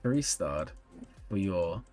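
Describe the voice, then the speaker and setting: Sleepy low-voiced man streamer. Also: very animated, takes it slowly, a little mellow, faint music behind. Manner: chatty, reads and answers viewer chat. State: sleepy, yawning. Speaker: streamer reviewing game rosters. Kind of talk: casual live-stream chat.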